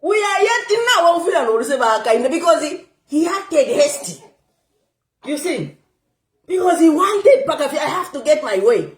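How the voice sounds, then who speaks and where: A young woman giving casual political commentary, animated, laughing often and switching between languages. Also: sits high, unhurried, roomy sound. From Zambia.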